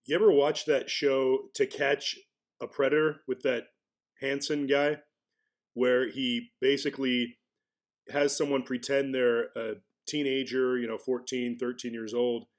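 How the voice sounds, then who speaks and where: A man's voice: medium pitch, little pitch movement, measured pace. A man giving casual commentary on a video clip, talking in a conversational way and sometimes mocking the people he shows. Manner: conversational, mocking impressions of others.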